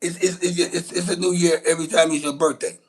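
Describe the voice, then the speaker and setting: Man, husky voice, a bit high, blunt and profane, rambling livestream rant. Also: flat delivery, fast, poor audio. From Shreveport, Louisiana, USA. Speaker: livestream host.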